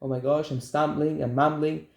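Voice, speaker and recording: A man's voice: a little high, flat delivery, normal speed, creaky, background noise. Opinionated young man, echoey room. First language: Italian. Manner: opinionated, repetitive, addresses viewers as guys. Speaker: show host. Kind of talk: casual political commentary.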